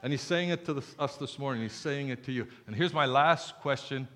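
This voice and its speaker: A man's voice: mid-range voice, fairly quick, few pauses, fairly bright tone. Older guy preaching, chatty and earnest, big echoey church hall. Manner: earnest, conversational preaching with asides. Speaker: pastor. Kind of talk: sermon. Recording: long reverb of a large hall.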